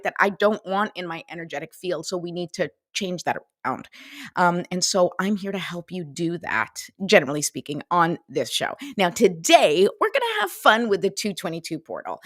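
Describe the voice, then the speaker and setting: A woman's voice: on the low side, a bit bright, no echo, studio quality. A middle-aged woman hosting a casual morning show as an energy coach, chatty and upbeat, often laughing as she talks. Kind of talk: casual morning livestream talk.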